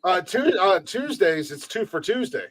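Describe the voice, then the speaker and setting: A man's voice: sits high, big pitch swings, moderate pace, no echo. A man hosting a podcast, bantering crudely and boastfully, laughing often. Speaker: podcast host.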